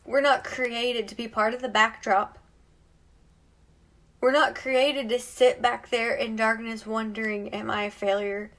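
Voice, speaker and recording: Woman, slightly high voice, heartfelt, encouraging, live stream from home, phone mic. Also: fairly even intonation, a little slow, sharp tone. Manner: heartfelt and encouraging, drops to near-whispers. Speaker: beauty vlogger. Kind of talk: emotional live-stream monologue.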